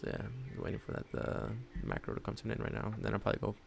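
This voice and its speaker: Low, gravelly-voiced male trading streamer. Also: very animated, racing, noisy background. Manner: rambling, thinks aloud, drops "honestly" and "man". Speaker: day-trading live streamer. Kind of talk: casual live-stream commentary. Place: at home at his trading desk with his dog on his lap.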